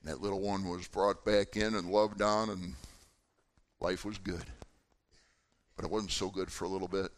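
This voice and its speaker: A man, a pastor, preaching a sermon with lively swings in pitch and loudness and putting questions to his congregation. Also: normal speed, long pauses.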